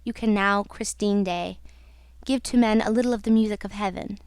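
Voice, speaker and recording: A woman's voice: mid-range voice, fairly even intonation, moderate pace, darkish tone, clear, resonant tone, no room sound, natural voice. Woman doing a mysterious male voice, jealous, possessive, solemn, commanding, dry sound, storybook.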